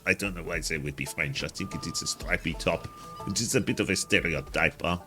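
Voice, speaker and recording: A man's voice: low voice, expressive, brisk, music in the background. A man giving casual commentary on a game he is playing, chatty and easily delighted, with frequent exclamations. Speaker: gaming guide host.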